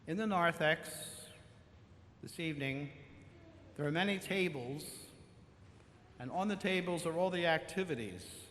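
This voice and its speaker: A male pastor preaching a sermon in a large church, slow and emphatic, stretching out key words. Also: fairly high pitch, fairly bright tone. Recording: long church reverb, faint room noise.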